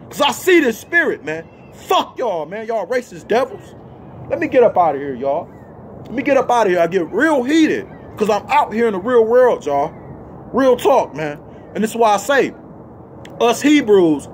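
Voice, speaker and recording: A man with a very high, lively voice delivers a heated vlog rant. His pitch swings widely as he presses each point, and faint background noise runs under him. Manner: agitated, emphatic, repeats "man" as a filler. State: emotional. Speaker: vlogger. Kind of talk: heated ranting monologue.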